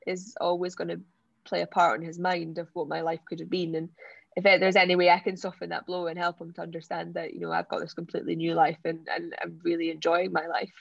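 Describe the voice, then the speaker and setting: A young Scottish woman from the Borders, telling an animated story as an interview guest, laughing often and acting out what people said. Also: fairly low pitch, a little fast, creaky, dry recording, muffled recording. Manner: excitable, laughs often, acts out quotes. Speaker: athlete guest.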